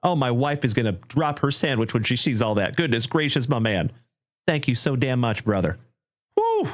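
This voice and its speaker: Guy hosting a live card break, hyped and gushing thanks, regular pitch. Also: a little fast. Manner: effusive, shouts of excitement, heartfelt thanks to viewers. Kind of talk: livestream card break chat.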